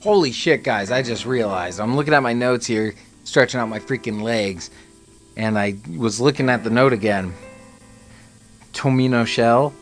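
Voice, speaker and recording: A man's voice: mid-range voice, normal speed, soft background music. A young man giving casual, joking commentary on a video game he is playing, talking to his viewers and swearing freely. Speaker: gaming video creator. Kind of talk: casual let's-play commentary.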